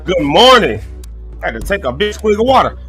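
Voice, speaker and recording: Bright-voiced man hosting a live morning show. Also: high-pitched, big pitch swings, fairly quick, faint music behind. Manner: chatty, folksy, laughing. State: choking, throat clearing. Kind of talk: casual live show chat.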